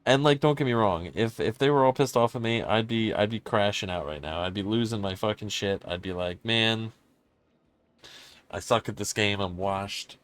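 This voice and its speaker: A man's voice: fairly low pitch, a little fast, few pauses. A man streaming a horror game live, talking frankly and swearing as he mulls over a confusing match. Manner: frank, swearing, puzzled and self-critical. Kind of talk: casual gameplay commentary.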